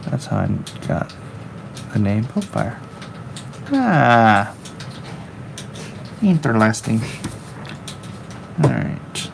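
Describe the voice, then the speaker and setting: A man's voice: mid-range voice, sing-song, slow pace, creaky, pauses often, background noise. A middle-aged man, a comic artist, chatting casually on a livestream while he draws. He rambles and jokes, reading viewer comments aloud as he goes. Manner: rambling, jokey, reads viewer chat aloud. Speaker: comic artist streaming his work.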